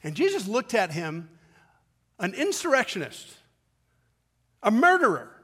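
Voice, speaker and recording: A male pastor preaching a sermon, pausing for effect and building to emphatic peaks, with quick asides as he tells a story. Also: sits high, wildly swooping pitch, a bit bright, slightly rough. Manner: preaching with dramatic pauses and rising emphasis.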